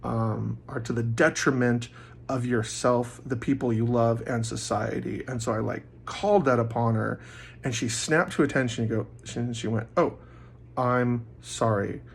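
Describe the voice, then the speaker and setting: A man in a casual monologue, rambling with many fillers and loudly acting out quoted voices. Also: medium pitch, moderate pace, vocal fry, breathy edge. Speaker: vlogger.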